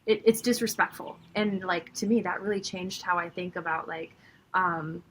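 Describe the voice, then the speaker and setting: A woman's voice: lowish voice, fairly even intonation, normal speed, a bit bright, a little hiss or hum, low-quality recording. A young woman with a Minnesota accent, a guest on a podcast, talking in a thoughtful, chatty way. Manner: thoughtful, chatty, laughs often. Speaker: podcast guest, commentator and voice actor. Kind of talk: casual chat.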